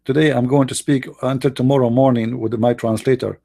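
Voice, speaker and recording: Dark-toned man, mocking live commentary. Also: medium pitch, steady tone, brisk, vocal fry. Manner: mocking, sarcastic, mimics voices. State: hoarse, coughing. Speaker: debate show host.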